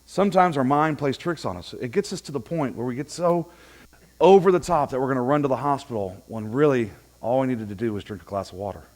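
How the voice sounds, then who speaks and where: A man's voice: medium pitch, fast talker, a little mellow. A man preaching a casual, conversational sermon in a church, telling funny stories and acting out both sides of the dialogue. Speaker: pastor.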